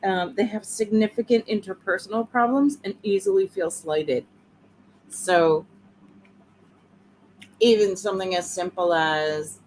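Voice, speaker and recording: A woman co-hosting a livestream, reading out points slowly with many fillers. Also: medium pitch, darkish tone, slight background noise, rough recording. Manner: slow, reads points with fillers. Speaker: co-host. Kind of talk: casual livestream discussion.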